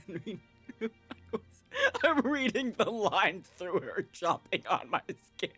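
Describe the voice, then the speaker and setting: Lively woman streamer, very animated pitch. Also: takes it slowly, husky, soft background music. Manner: animated and chatty, laughs often, scolds her cat. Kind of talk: casual livestream chat while reading a visual novel.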